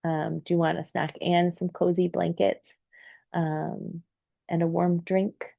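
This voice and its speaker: A woman with a low, gravelly voice talks gently and unhurriedly, pausing often on fillers as she thinks. The sound is close and dry, a little dull and lo-fi. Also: flat delivery, no room sound. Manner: gentle, meandering, many fillers. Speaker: therapist. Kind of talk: reflective solo talk.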